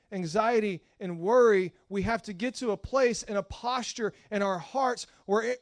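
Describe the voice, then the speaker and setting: A high-pitched man preaching in church with a plain, dry sound close to the mic. He slips into casual slang and restarts, then climbs into loud, repetitive, shouting fervor. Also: no room sound. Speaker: pastor. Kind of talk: sermon.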